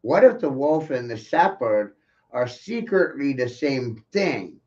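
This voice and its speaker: A man's voice: mid-range voice, sing-song, slow, darkish tone, dull audio. A man ranting in an intense, profane monologue full of rhetorical questions.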